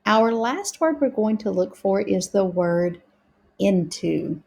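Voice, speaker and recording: A woman teaching a reading lesson to young learners, sounding out words slowly and carefully. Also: medium pitch, lively intonation, gravelly, a little mellow.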